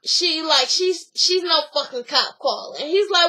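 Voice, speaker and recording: A woman with a very high-pitched, expressive, pushed and bright voice casually recaps drama between friends in a rough recording. She rambles through the gossip fast, swearing freely and using lots of fillers.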